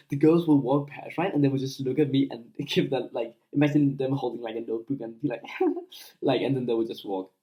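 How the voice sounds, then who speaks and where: Blunt, swearing young man with a mellow voice. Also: medium pitch, low-quality recording. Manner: blunt, profane, filler-heavy, acts out scenes. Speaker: vlogger giving advice. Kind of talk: casual unscripted advice monologue.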